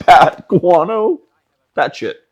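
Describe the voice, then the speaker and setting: A man's voice: high-pitched, lively intonation, extremely slow, darkish tone, slightly rough. A man hosting a casual film reaction, sardonic and wisecracking.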